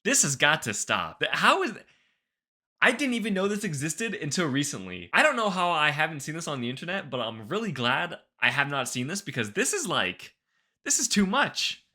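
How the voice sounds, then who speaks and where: A man's voice: on the high side, moderate pace. A man hosting a reaction video, commenting casually in an incredulous, stammering way with nervous laughs. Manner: animated, incredulous, stammering exclamations.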